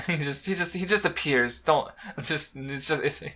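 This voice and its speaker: A man's voice: on the high side, moderate pace, sharp tone. A man co-hosting a podcast, chatting casually about manga in a rambling way, with lots of fillers, restarts and laughter. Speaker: podcast co-host.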